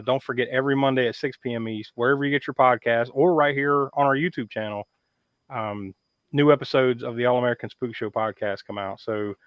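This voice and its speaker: A man's voice: mid-range voice, no echo. Man hosting a casual live podcast, wry and joking. Lo-fi mic with a dry, dead room. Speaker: podcast host. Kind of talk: casual live-stream chat. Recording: dull lo-fi sound.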